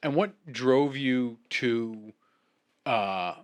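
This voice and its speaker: A man's voice: mid-range voice, very slow, no echo. A man co-hosting a casual talk show, asking laid-back questions full of fillers. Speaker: co-host. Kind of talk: casual chat.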